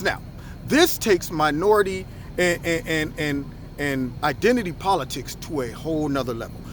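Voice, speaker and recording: High pitched guy ranting about the news, worked up, tells stories with lots of energy. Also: slight background noise. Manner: impassioned, animated storyteller. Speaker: commentator and former school principal. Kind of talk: opinion commentary with acted anecdotes.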